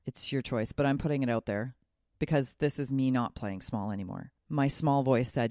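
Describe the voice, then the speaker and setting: A woman speaks alone on her podcast as a life coach, earnest and upbeat, opening up about herself. Her voice has a gravelly fry to it. The sound is dry and close, with no room around it. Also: very deep voice, moderate pace, a little mellow, no echo. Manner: earnest, self-revealing, upbeat. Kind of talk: solo podcast monologue.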